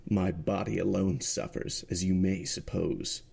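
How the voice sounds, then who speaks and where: A man voicing a broken male prosecutor who speaks in a hoarse, faltering voice. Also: low voice, flat delivery, darkish tone, heavily acted. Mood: resigned. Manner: slow, faltering, stammering.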